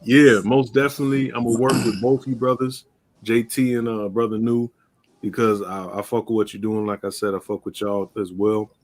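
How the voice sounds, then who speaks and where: A man's voice: lowish voice, level tone, moderate pace. A man hosting a livestream roundtable, talking in a laid-back, slangy way and laughing often. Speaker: livestream host. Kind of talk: casual chat.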